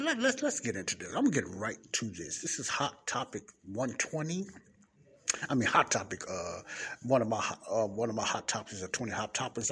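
A man giving an informal podcast Bible teaching in a library study room, rambling and repeating himself while keeping his voice low, close to the mic. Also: husky. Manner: rambling, repeats and restarts words, talks low and quiet. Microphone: speaking close to the mic. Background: faint passing traffic.

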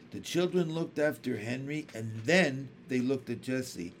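Expressive man reading a children's book. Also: mid-range voice, measured pace. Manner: expressive storytelling. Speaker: audiobook reader.

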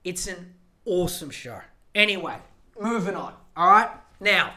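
A man's voice: sits high, lively intonation, unhurried, pushed and bright. A man hosting a podcast alone, ranting in a profane, rambling, emphatic way. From Australia. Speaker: podcast host. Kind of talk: solo podcast rant.

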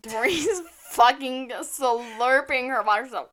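A woman's voice: sits high, takes it slowly, noisy background. A young woman co-hosting a podcast in casual chat, rambling, chatty and swearing now and then. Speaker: podcast co-host.

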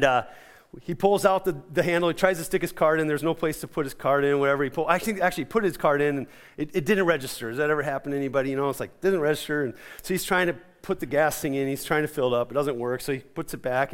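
Pastor guy preaching, kinda high voice, lively storytelling with little asides. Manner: storytelling, animated with lively asides and audience questions. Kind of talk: sermon.

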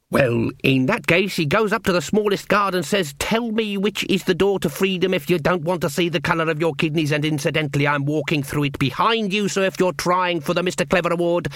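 A man voicing a roguish male dwarf adventurer who talks in a slow, dry, matter-of-fact way in an audiobook. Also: on the high side, fairly bright tone, no echo, voice pushed up. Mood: deadpan.

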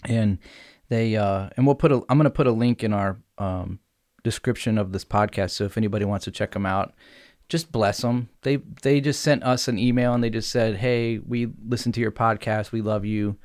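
A man's voice: on the low side, brisk, no echo. Laughing young male podcast host, dry sound. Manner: laughs often, animated and joking. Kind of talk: casual chat.

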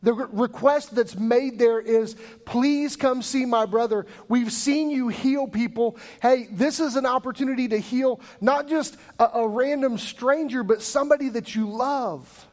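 A man preaching a sermon as pastor, telling the story with animated storytelling and acting out the voices of the people in it. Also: very high-pitched, unhurried, hardly any pauses. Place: church sanctuary.

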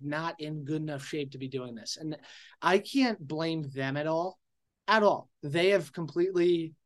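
A young man hosting his own podcast, ranting bluntly in a casual, rambling monologue full of swearing and fillers. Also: fairly high pitch. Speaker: podcast host.

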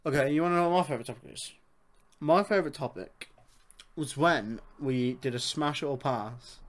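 A young man from Birmingham with a broad Brummie accent hosts a loose podcast chat. He talks fast and swears freely at a middling pitch, with a cheerful teasing edge. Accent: Birmingham English. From Birmingham, England. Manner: fast-talking, sweary and laughing. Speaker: podcast host. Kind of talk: casual chat.

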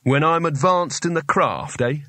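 A man's voice: fairly high pitch, measured pace, no room sound, voice pushed up. A man voicing a grumpy, nervous young male wizard who snaps when annoyed, read in a dry-sounding audiobook. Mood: muttering. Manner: sharp, snapping when annoyed.

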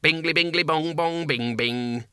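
A man voicing a tiny, cranky demon living inside a watch in an audiobook, with a squeaky voice and blunt, ungrammatical speech. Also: a little slow, bright, forceful tone, clear, resonant tone, no room sound.

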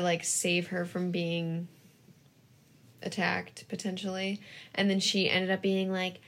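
A woman's voice: lowish voice, vocal fry. A young woman co-hosting a podcast, chatting casually and rambling through a film retelling with lots of fillers. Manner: rambling, heavy use of "like", animated retelling. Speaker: podcast co-host. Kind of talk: casual chat.

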